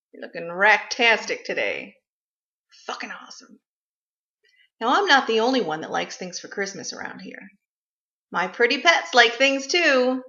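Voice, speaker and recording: A woman's voice: medium pitch, vocal fry, bright, forceful tone. A woman vlogger delivering a blunt, sarcastic, profane comic rant. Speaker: vlogger ranting about gifts. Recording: echoey room, slightly dull sound.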